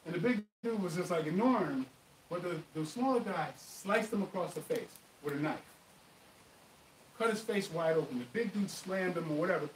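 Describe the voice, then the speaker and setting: A man hosts a live martial arts question-and-answer stream, telling stories with animated emphasis. His voice sits fairly high. It comes from off-mic in an echoey room with a faint hiss. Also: moderate pace, distant mic. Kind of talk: live stream chat and storytelling.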